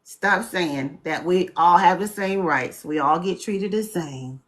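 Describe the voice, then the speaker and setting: A woman's voice: on the low side, slow pace. A woman hosting a casual live talk, presenting slides and speaking bluntly and animatedly to her viewers. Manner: blunt, scolding and animated, addresses viewers as y'all.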